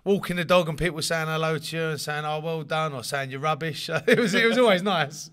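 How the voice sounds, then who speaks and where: Bright-voiced man, rambling chat. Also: on the high side, a little fast. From London. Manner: rambling, repeats words, laughs often. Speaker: interviewee, rugby league player. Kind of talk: casual interview chat.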